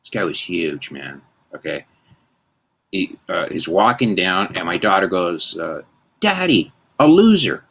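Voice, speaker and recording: Host, male, 50s, very deep voice, rambling self-deprecating storyteller. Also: measured pace, vocal fry, pushed and bright. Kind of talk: casual anecdote-telling chat.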